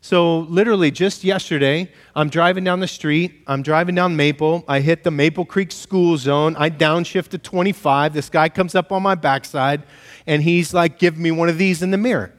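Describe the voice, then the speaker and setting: Animated male pastor in a reverberant room. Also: fairly high pitch, moderate pace. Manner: animated storytelling, acts out shouted exchanges. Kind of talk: sermon.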